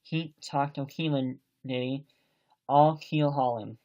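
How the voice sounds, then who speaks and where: A man reading aloud as a crafty, blustering one-legged tavern landlord in an audiobook, speaking loudly and sternly. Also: fairly high pitch, measured pace, lo-fi sound. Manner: loud, stern scolding.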